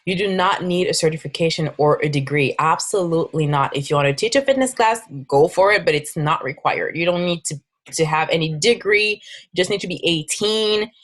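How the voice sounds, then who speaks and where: A woman's voice: fairly low pitch, brisk. A woman with a French accent, a fitness business coach giving a casual, persuasive recruiting presentation with frequent restarts.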